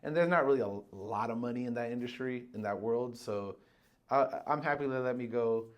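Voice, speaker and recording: Animated storytelling man, podcast co-host. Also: medium pitch, brisk. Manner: animated, acts out quoted voices, swears freely. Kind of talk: casual storytelling chat.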